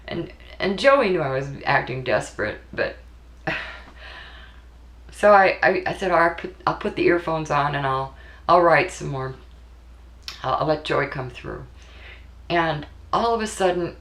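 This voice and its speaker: A woman's voice: extremely low pitch, a bit bright. Emotional woman recalling, echoey room. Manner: earnest, emotional, repeats words. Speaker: grieving mother telling her story. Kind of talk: personal spoken recollection.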